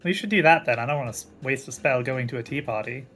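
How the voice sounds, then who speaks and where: A dry, sarcastic player talks through a tabletop game in a casual chat. The voice sits at a middling pitch. Faint music plays beneath. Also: quick pace, fairly bright tone.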